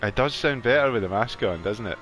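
A Scottish man chatting casually with viewers while streaming a game from his warm bedroom, laughing often. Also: on the low side, expressive, fairly quick, faint music behind. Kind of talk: casual live gameplay chat.

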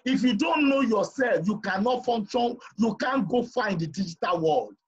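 Man, high husky voice, emphatic class lecturer who keeps checking understanding; muffled lo-fi sound. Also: animated, moderate pace. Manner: emphatic, repeats points, asks the class questions.

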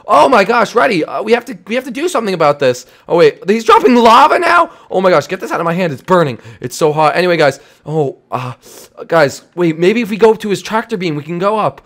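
Young man, excitable, exclamatory, creaky, very lively pitch, game role-play host. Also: fairly quick, few pauses.

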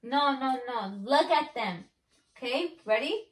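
A playful woman chatting casually during a family game, giggling and coaching her partner to speak slowly. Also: high-pitched, animated, distant mic. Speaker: vlogger. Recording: roomy sound, voice from off-mic.

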